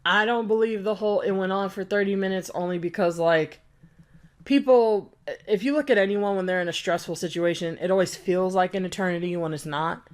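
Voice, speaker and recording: A woman's voice: on the low side, a little fast. Indignant woman ranting in commentary. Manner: indignant, sarcastic, swings between mocking and scolding. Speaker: commentary YouTuber.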